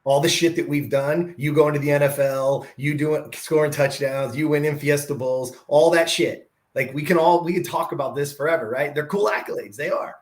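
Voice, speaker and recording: A middle-aged man hosting a podcast, telling a personal story in a lively conversational way, acting out the dialogue and often asking "right?". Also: a little high, normal speed, hardly any pauses. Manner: animated, acts out quoted dialogue, says "right?" often. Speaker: podcast host.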